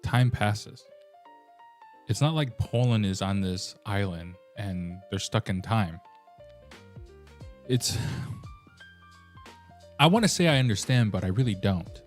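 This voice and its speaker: A man's voice: fairly low pitch, expressive, unhurried, long pauses, faint music behind. A man hosting a reaction video, ranting animatedly in a casual way and slipping into mocking voices. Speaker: host.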